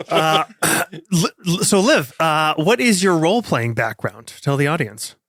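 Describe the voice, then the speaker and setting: A man hosting and running a tabletop game as game master, chatting casually and rambling a bit. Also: fairly high pitch. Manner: rambling, joking. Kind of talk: casual chat.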